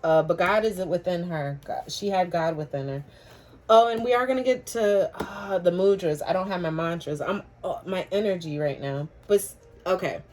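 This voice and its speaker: A woman's voice: on the low side, moderate pace, darkish tone, a little hiss or hum. A woman giving a casual tarot reading to camera, chatty and spiritual, laughing often and swearing casually. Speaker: tarot reader.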